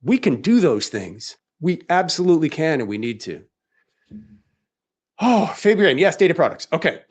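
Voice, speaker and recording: A man's voice: a little high, very animated, moderate pace. A man hosting a live webinar, talking in an emphatic, rhetorical way and firing off questions that he answers himself. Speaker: webinar host.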